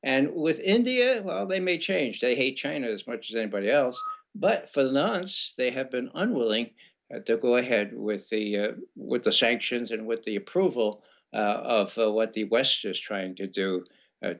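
A man speaks with a gravelly, fry-heavy voice as a radio commentator. He talks haltingly and uses many filler sounds. The audio is dull and lo-fi. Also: mid-range voice. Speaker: political commentator.

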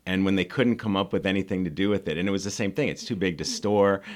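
A man with a very low voice hosts a relaxed interview. He asks questions in a playful, joking way. The feel is easygoing conversation. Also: quick pace. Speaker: host. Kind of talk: casual interview chat.

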